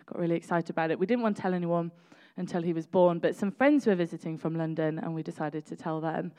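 A woman in her thirties preaching a chatty, animated sermon with a fairly low voice. She breaks into laughing asides and tells personal stories in a relaxed, conversational way. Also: quick pace, few pauses.

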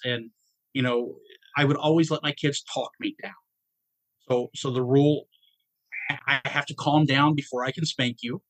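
A middle-aged man, telling a personal story as a podcast guest, halting and stammering, low and subdued. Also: no echo, rough recording. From Georgia, US. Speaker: guest dad.

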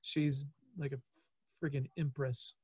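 A man in his forties hosting a casual interview, playful and chatty, with quick asides. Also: mid-range voice, level tone, breathy edge. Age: 40s. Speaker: podcast host.

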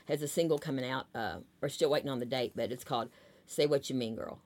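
A woman with a drawl tells loose, rambling stories as a guest in a casual interview. Her voice sits low for a woman, and she leans on plenty of fillers as she goes. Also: fast, darkish tone. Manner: chatty, rambling anecdotes with many fillers. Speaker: talent agent, guest.

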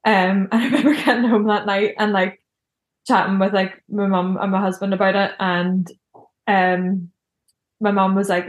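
A woman's voice: medium pitch, flat delivery, normal speed, roomy sound. A young woman telling a personal story in a casual, chatty way, filling her speech with "like". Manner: chatty, heavy use of "like" fillers.

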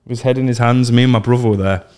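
A young man hosting a casual podcast, telling animated stories and mimicking voices. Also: medium pitch, rapid-fire, clean tone. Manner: animated storyteller, mimics voices in his anecdotes. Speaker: podcast host. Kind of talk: casual chat, storytelling.

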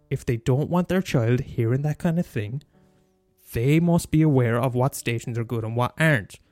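A young Irish man ranting profanely on his podcast, talking fast and mumbling. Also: medium pitch, a little mellow, no echo, studio quality. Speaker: podcast host. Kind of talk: casual solo rant.

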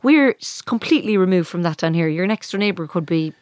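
Irish woman, slightly low voice, relaxed chat; dry close mic. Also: fast, no room sound. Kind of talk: casual chat.

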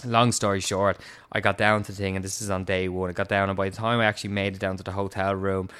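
Young Irish man, casual storyteller, slightly low and smooth voice, swears and laughs a lot. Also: level tone, fast, fairly bright tone. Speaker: guest telling a story. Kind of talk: casual chat.

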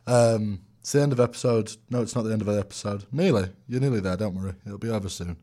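A man hosting a casual podcast chat in a jokey, deadpan way. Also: lowish voice, quick pace. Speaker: podcast host.

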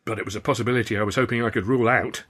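A man voicing a cautious male doctor who speaks in a measured, careful way. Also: on the low side, steady tone, fairly bright tone, breathy edge.

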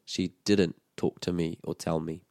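A deep, mellow-voiced man works through phrases in a language lesson. He explains each one patiently and models how to say it. The sound is close and dry. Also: flat delivery, unhurried, gravelly, no room sound. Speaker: te reo Māori teacher.

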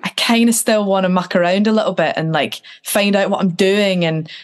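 A woman's voice: mid-range voice, a little fast. A woman in her twenties telling stories from her life in a casual interview, acting out what people said. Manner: animated, acts out quotes. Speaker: guest. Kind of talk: casual storytelling.

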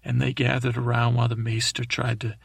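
A man's voice: medium pitch, completely flat delivery, fairly quick, creaky, slightly rough, no echo. A man telling a rambling, improvised bedtime story, meandering and correcting himself as he goes. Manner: meandering, full of self-corrections and fillers. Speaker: podcast storyteller.

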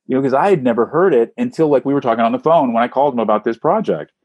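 A voice actor guest talks very fast in a relaxed interview, spinning animated anecdotes and rising sharply in pitch for emphasis. The recording is muffled, with no room sound.

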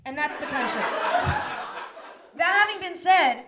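A woman's voice: high voice, unhurried, heavy background noise. A woman guest on a live comedy podcast, telling jokey stories and acting out voices, on a stage mic. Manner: animated, joking storytelling with acted-out voices. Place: stage before a live audience.

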